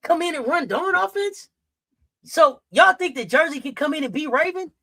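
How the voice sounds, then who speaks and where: A woman's voice: high voice, animated, normal speed, pushed and bright, dry recording. Fired-up woman ranting on a sports stream. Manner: profane, heated, repetitive ranting; addresses viewers directly and often. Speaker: sports talk host. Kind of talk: live-chat sports rant.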